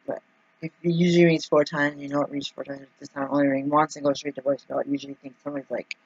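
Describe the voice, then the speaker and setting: A woman's voice: low-pitched, flat delivery, fast, a little mellow, slightly rough, no room sound, highs cut off. A woman telling a casual, rambling story full of filler words and acting out the lines of the people in it. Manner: acts out quoted dialogue. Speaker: vlogger.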